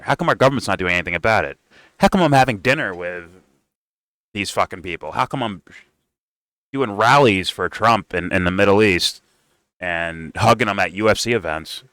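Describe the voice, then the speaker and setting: Man, commentator, heated rant, clear, dry close sound. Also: fairly low pitch, bright, forceful tone, dry recording. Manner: heated, profane and sarcastic. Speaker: political commentator. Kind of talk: casual reaction rant.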